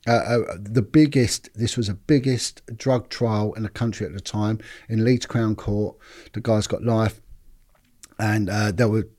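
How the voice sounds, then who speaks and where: A man's voice: fairly low pitch, unhurried. A man, a former detective telling stories casually on a podcast and acting out what others said. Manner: animated, repeats words, acts out quotes.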